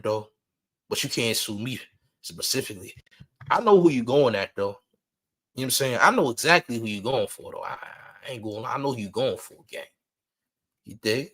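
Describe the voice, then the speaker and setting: A man hosts casual celebrity news commentary in a mocking, slangy tone. He talks straight to his viewers at a middle pitch, with faint music under him. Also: fairly bright tone. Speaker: news channel host.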